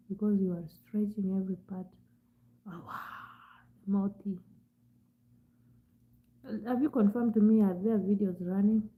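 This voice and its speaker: A woman chats on her livestream in a loose, repetitive way, swinging from louder remarks to near-whispers. Her voice sits in a middle pitch, and the sound is thin and tinny, like a phone line. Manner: chatty and repetitive, drifting between loud and hushed. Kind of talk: casual live chat.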